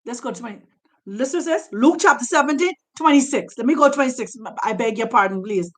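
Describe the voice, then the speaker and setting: A woman preaching a sermon, fervent and impassioned, shouting her exhortations and at times near tears. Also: fairly high pitch, expressive, fast.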